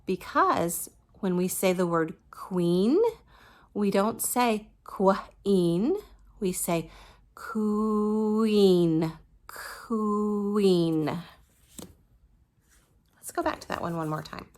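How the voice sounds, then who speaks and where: A woman's voice: lowish voice, expressive, a little slow. A woman teaching a phonics lesson to young children, patiently modeling each letter sound and praising the listener.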